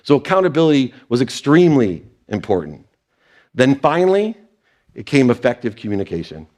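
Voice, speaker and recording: A man's voice: mid-range voice, sing-song, brisk, darkish tone. A man giving a motivational stage talk, telling personal stories and quoting people in brief put-on voices. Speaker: speaker. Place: stage before an audience.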